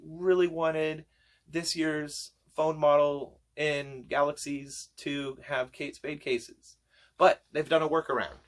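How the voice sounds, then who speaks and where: A man chatting to camera as he shows off a shopping haul, enthusiastic and gushing, his voice getting hoarse. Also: on the high side. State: voice going hoarse. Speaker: vlogger showing a shopping haul. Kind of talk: casual chat to camera.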